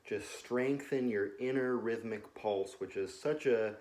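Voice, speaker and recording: A young man giving a relaxed music lesson from his couch at home, often pausing with ums and uhs and counting beats aloud. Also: mid-range voice. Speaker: music teacher. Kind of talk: casual instructional talk. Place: home living room, on a couch.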